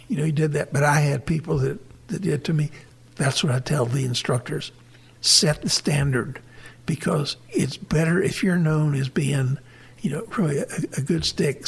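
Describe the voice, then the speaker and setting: Older man, gravelly husky voice, plain-spoken storyteller, acts out quotes, interview guest. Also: fairly high pitch. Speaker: guest, retired navy helicopter pilot. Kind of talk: recounting war stories in an interview.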